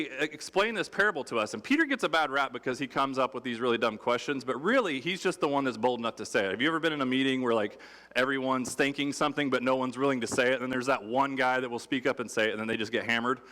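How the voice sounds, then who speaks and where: A man preaching a sermon in a relaxed, conversational and humorous way, acting out quotes. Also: mid-range voice, quick pace. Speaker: pastor. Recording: long hall reverb.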